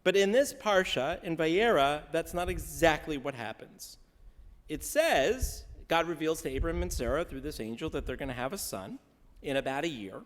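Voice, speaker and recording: A male rabbi teaching from the pulpit in a conversational, jokey way, tossing questions out to the congregation. His voice sits a bit high for a man and swings around animatedly. The sound carries a long reverb from the sanctuary around him. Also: animated, moderate pace. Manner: conversational, quizzes the congregation, wry humor. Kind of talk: interactive sermon teaching the weekly Torah portion. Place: synagogue sanctuary during a service.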